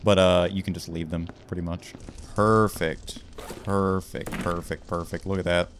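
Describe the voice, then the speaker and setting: A man's voice: low-pitched, level tone, unhurried, slight background noise. A young man rambling and joking his way through casual gameplay commentary. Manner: rambling, jokey, puts on loud emcee shouts. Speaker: gaming YouTuber.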